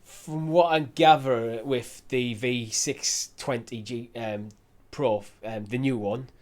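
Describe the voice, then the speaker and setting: Male podcast co-host, relaxed, mid-range voice, lots of "like" and "um". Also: mid-range voice, takes it slowly. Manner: easygoing, hedging with "like" and "um". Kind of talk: casual podcast chat.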